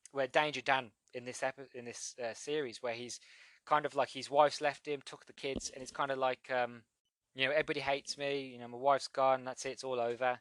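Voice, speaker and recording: A man's voice: mid-range voice, fairly bright tone, no echo. A man hosting a podcast, reviewing a comic book in a casual, rambling way with many restarts. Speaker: podcast host.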